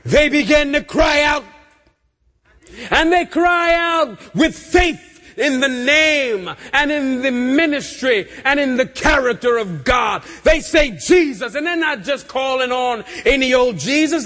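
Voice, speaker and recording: A man preaching a sermon, shouting with impassioned fervor and building to loud cries. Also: very high-pitched. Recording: long hall reverb.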